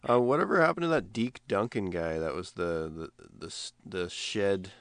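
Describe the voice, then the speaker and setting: A man co-hosting a podcast in casual chat, telling stories in a rambling, animated way with many restarts. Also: deep voice, moderate pace. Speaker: podcast co-host.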